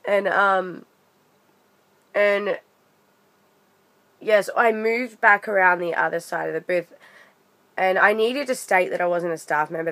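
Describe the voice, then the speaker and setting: Young woman, low gravelly voice, chatty indignant vlog storytelling. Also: a bit bright. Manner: chatty, indignant, with frequent fillers. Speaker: vlogger.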